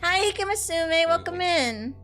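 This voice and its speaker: Excitable woman streaming a game. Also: extremely high pitch, normal speed, soft background music. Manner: excitable, laughs easily, swears casually. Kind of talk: live game commentary and reading dialogue aloud.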